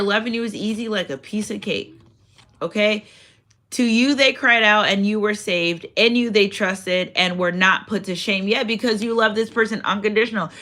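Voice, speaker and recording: A woman's voice: mid-range voice, a bit bright. A woman giving a casual spiritual card reading, chatty and repetitive. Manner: chatty, repeats phrases, reads out affirmations. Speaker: tarot card reader.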